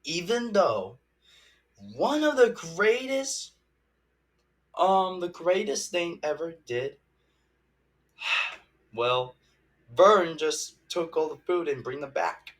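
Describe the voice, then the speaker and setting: A young man giving a casual movie review, rambling and halting with many restarts and fillers. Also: a little high, lively intonation, fairly bright tone.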